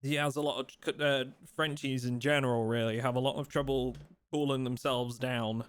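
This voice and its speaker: A man's voice: mid-range voice, steady tone, normal speed, smooth, no room sound. A man live-streaming a video game, chatting casually with his viewers and playfully complaining. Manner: playful, mock outrage, talks to his dog in a soft voice.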